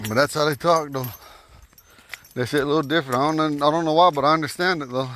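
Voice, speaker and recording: A man giving a casual, folksy language lesson while out walking at night, talking into a phone and repeating words slowly. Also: on the high side, steady tone, a bit bright. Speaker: language teacher. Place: outdoors at night on a walk.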